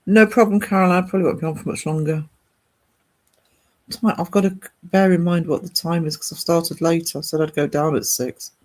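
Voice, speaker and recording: Chatty English man, slightly high voice. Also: fairly even intonation, normal speed, a little mellow. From Northeast England. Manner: rambling, chatty, talks to viewers by name. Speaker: art streamer. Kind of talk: casual chat while streaming.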